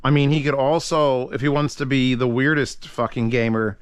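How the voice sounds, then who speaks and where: A man's voice: mid-range voice, fairly even intonation, moderate pace, clean tone. A man casually chatting on a livestream, answering audio gear questions in a rambling, profane way. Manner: profane, rambling, thinking aloud.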